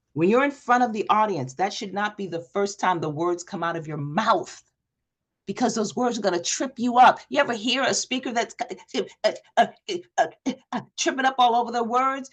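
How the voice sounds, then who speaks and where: An energetic woman coach teaches a live online class, asking the audience questions again and again. She acts out quotes with a higher, louder voice. The sound comes through a video call mic. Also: normal speed. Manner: energetic, talks straight to the audience with repeated questions. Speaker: presentation coach. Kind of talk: live online workshop talk.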